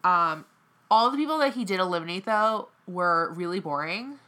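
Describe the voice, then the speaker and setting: This is a young woman from the American South with a bright, sharp edge to her voice. She talks in an opinionated, dramatic way and keeps breaking into exaggerated high-pitched impressions of people. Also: animated, moderate pace. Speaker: co-host. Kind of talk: casual reality-TV recap chat.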